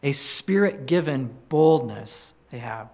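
A man's voice: medium pitch, expressive, slow, a little mellow. A middle-aged man preaching a sermon in an earnest, conversational way, telling a story and acting out the quoted lines.

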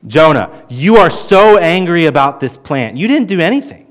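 A man teaching through a Bible passage in an earnest sermon, with lively emphasis and frequent restarts. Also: fairly high pitch, normal speed, hardly any pauses. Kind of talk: expository sermon.

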